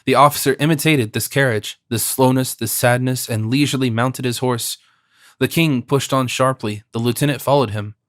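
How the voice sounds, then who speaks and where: A man's voice: mid-range voice, no echo. Man narrating a classic novel, dry studio sound. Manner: measured, expressive reading. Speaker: audiobook narrator.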